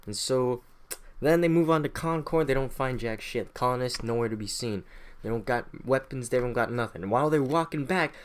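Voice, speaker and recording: A man's voice: medium pitch, moderate pace, clean tone. Profane young man riffing on history. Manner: profane, irreverent, acts out historical figures in slangy voices. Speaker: podcast host. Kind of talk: casual comedic history recap. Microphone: home podcast mic.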